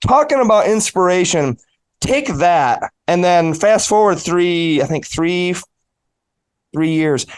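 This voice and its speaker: Young male podcast host, high-pitched, smooth and clear, keen and admiring. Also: expressive, slow pace. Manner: eager, enthusiastic and admiring, laughs often. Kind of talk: casual interview.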